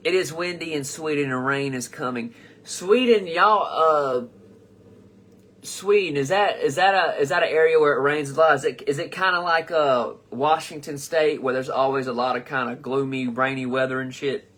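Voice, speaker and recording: A young man with a bright, forceful voice that sits a little high hosts a casual livestream. He reads viewers' comments aloud and riffs on them, rambling and swearing freely. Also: normal speed. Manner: rambling and profane, with frequent restarts. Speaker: comedian host of a live show.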